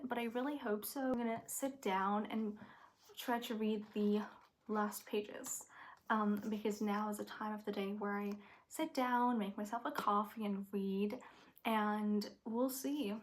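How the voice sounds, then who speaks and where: A young woman vlogging about her reading, excitable and gushing, sometimes dropping to a nervous whisper. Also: a little high. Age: young adult. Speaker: book vlogger. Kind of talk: casual vlog talk to camera.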